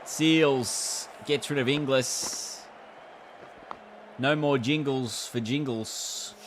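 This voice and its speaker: A man's voice: mid-range voice, drawn-out words, a little hiss or hum. An Australian man chatting casually on a live stream, reacting to a game and reading chat aloud. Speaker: gaming streamer.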